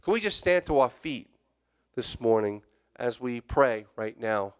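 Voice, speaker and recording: A man's voice: mid-range voice, expressive, measured pace, clear, resonant tone. A man, a church elder, preaching a candid, confessional sermon that moves between spoken prayer and emphatic exhortation. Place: church sanctuary.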